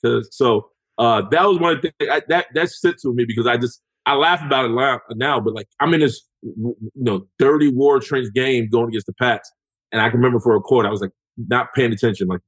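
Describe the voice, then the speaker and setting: A husky-voiced man telling locker-room stories on a podcast, animated and salty, acting out everyone's lines. His voice is close and dry, with no room sound around it. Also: mid-range voice, brisk, no room sound, low-quality recording. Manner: animated storyteller, profane, acts out voices. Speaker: podcast guest, former NFL lineman. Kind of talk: casual storytelling chat.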